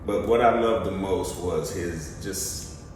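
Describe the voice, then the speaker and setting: Deep-voiced man telling stories in an echoey room. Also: slow pace. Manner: lively storyteller, acts out quotes. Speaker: guest, actor and studio co-founder. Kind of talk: animated storytelling interview. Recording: echoey room, distant mic, background noise.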